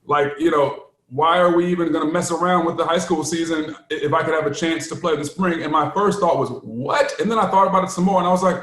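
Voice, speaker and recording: Animated man telling stories, roomy sound. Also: a little high, fast talker, hardly any pauses. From United States. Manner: animated storyteller, laughs often. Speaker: podcast co-host, former player. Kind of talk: casual chat.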